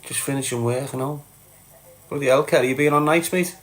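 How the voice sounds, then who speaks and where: A man's voice: medium pitch, fairly even intonation, fairly quick. A Scouse man from Liverpool, middle-aged, reading his chat live and answering viewers bluntly, calling everyone lad and mate.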